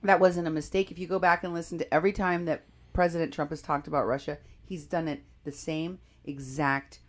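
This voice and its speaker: A woman with a low-set voice co-hosts a casual political talk show. She comments in quick, animated bursts, talking through clips with her co-host.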